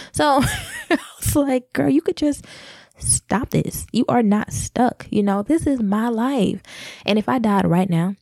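Candid woman with a gravelly, mellow voice. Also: fairly high pitch, no echo, studio quality. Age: 30s. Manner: candid, confessional, addresses viewers as y'all. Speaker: vlogger. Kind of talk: candid personal vlog.

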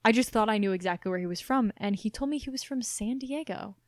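A woman's voice: fairly high pitch, fast talker, no echo, clean studio sound. A young woman from Missouri with a faint Southern Midwestern twang, co-hosting a podcast as a casual chat with many fillers. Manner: chatty, many fillers, animated. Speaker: podcast co-host.

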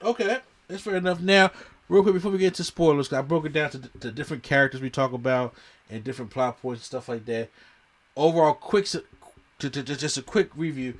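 A man's voice: fairly high pitch, fast talker. A man hosting a podcast, telling an emphatic, slangy story in casual movie chat and often repeating himself. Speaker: podcast host.

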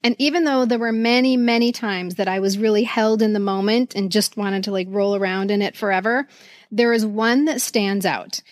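A woman's voice: mid-range voice, moderate pace, no echo, clean studio sound. A woman co-hosting a podcast, telling a favorite memory in a playful way and laughing often. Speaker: podcast co-host. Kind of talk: casual chat.

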